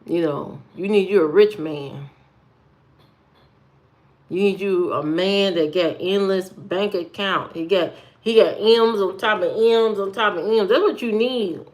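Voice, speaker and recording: A woman's voice: mid-range voice, measured pace, darkish tone. A woman chatting casually on her livestream, teasing and bantering with her viewers in a playful, rambling way.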